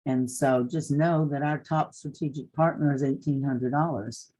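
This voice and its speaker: A woman's voice: very deep voice, fairly even intonation, normal speed, mellow, low-quality recording. An older woman with an Eastern Kentucky accent giving a folksy, down-to-earth motivational talk to fellow realtors at a conference.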